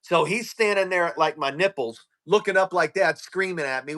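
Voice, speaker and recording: A man's voice: high voice, normal speed, few pauses, pushed and bright. A man telling crude, joking stories with lots of swearing as a guest on a live stream. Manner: profane, joking storyteller. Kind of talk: casual chat.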